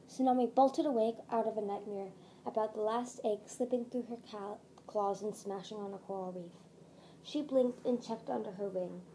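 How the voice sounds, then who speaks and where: A woman's voice: a little high, moderate pace, mellow, a little hiss or hum, poor audio. A woman hosting a podcast, reading a fantasy novel aloud steadily with small slips and restarts. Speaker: podcast reader.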